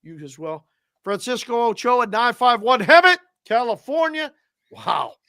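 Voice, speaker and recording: A male host on a live show, cheerfully reading out viewer shout-outs with names and area codes. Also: extremely high pitch, sing-song, measured pace, no room sound, clean studio sound.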